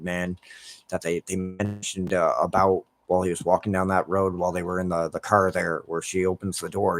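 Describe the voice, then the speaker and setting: A man's voice: low voice, no room sound. A man from the United States ranting over gameplay as a gaming streamer, in heated, heavily profane rambling talk.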